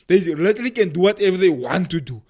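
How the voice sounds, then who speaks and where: A fairly high-voiced man hosts a loose podcast chat among friends. He talks animatedly, laughs a lot and hammers points home by repeating phrases. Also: animated, fast talker, a little mellow, slightly rough. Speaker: podcast host.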